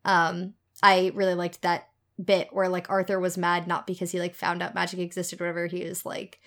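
A woman's voice: fairly low pitch, animated, brisk, fairly bright tone. A woman in casual chat, talking loosely with many "like"s and quoting her own reactions. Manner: chatty, lots of "like" and quoted reactions.

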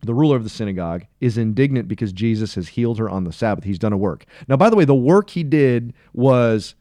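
Casual faith-podcast co-host, man, mellow and dry-sounding, earnest and rambling, corrects himself often. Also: medium pitch, animated, a little fast, dry recording. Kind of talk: casual Bible discussion.

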